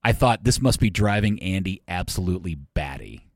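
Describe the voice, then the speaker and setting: A man's voice: deep voice, animated, normal speed, darkish tone, no room sound, clean studio sound. A man co-hosting a sports talk show, telling stories in a joking, self-mocking way. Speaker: sports radio co-host. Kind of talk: casual sports talk chat.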